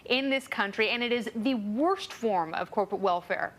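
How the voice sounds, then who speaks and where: A woman with a mid-range voice and moderate pace co-hosts a talk show, handling news and comic segments with a sarcastic, jokey edge in snarky comedic hosting.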